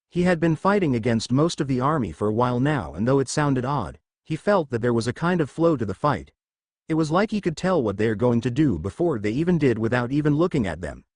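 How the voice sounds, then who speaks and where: A man narrating a fan story as a scripted reading, in a steady storytelling delivery. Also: mid-range voice, no echo, studio quality.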